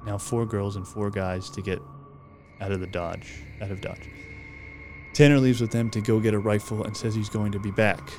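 A man's voice: fairly low pitch, a little mellow, slight background noise. A man hosting a podcast, reading a horror story aloud in a casual way and swearing freely as he goes. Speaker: podcast host.

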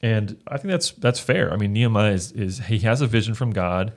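Male pastor, low voice, earnest scripture chat, reads verses aloud with frequent restarts. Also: brisk. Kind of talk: casual Bible discussion.

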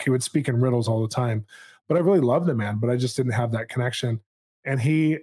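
In a relaxed podcast conversation, a mid-pitched man in his forties tells a story from his own life. He's animated and clearly amused with himself, tossing in quick asides as he goes.

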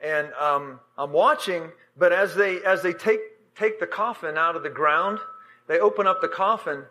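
A man preaching, telling a vision in a halting, emotional way with many fillers and restarts. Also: high-pitched, bright, forceful tone, a little hiss or hum. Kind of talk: sermon storytelling.

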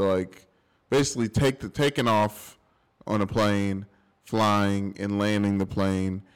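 A man's voice: on the low side, clean tone. A man co-hosting a podcast, talking in an easygoing, reflective casual chat. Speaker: podcast co-host.

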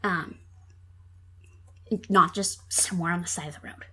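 Woman, husky voice, chatty storyteller, casual podcast talk. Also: on the low side, steady tone, measured pace, pushed and bright. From Minnesota. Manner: chatty, many ums and likes. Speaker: podcast guest telling a true crime case.

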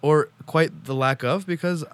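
A man's voice: on the high side, fairly even intonation, a little slow, clean tone, dry recording. A man as a podcast guest, hesitant and agreeable, often repeating his words. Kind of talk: casual chat.

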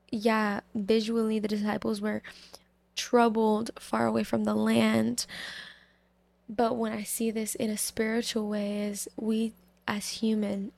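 Slow, gravelly woman musing on scripture. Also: a little high, darkish tone, no echo. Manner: slow, reflective, halting with many fillers. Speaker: Bible study speaker. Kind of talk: casual devotional talk.

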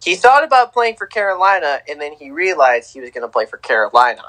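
A young man co-hosting a casual sports podcast, excitable and repeating words for emphasis. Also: fairly high pitch, fast talker, poor audio. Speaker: podcast co-host.

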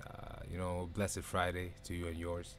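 A man's voice: low-pitched, monotone, normal speed, slight background noise. A man hosting a live stream, laid-back and loose-tongued, swearing freely and dropping Arabic phrases. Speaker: host. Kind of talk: casual live stream chat.

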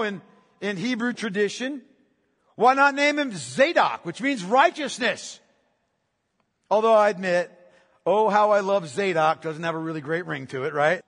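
A man's voice: high-pitched, animated, moderate pace, a bit bright, long reverb tail. A man preaching a sermon as pastor, emphatic, repeating key phrases and asking rhetorical questions.

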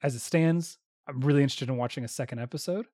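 A man co-hosting a casual podcast, talking in a halting way with dry humor and many restarts. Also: medium pitch, warm tone, no room sound. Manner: hesitant, repeats words, dry humor. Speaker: podcast co-host.

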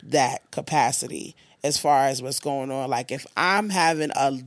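A woman hosting a podcast, venting in casual chat with blunt, profane and animated talk. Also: very deep voice, measured pace, dry recording. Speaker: podcast host.

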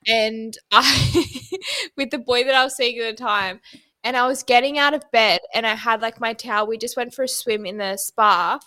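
A woman's voice: a little high, normal speed, sharp tone, dry recording. A woman, co-hosting a podcast and telling stories casually with lots of giggles. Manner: giggly storyteller, swears casually. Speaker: podcast co-host. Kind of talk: casual chat.

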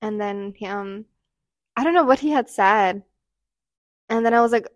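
Young woman, podcast co-host, higher voice, dry close sound, chatty and animated. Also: no room sound. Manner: animated, chatty, laughs often, quick shifts in loudness. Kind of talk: casual chat.

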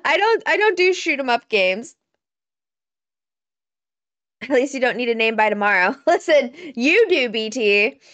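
High, giggly woman co-host. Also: big pitch swings, slow pace, pauses often, fairly bright tone, dry recording, dull audio. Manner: giggly, playful teasing. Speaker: podcast co-host. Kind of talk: casual chat.

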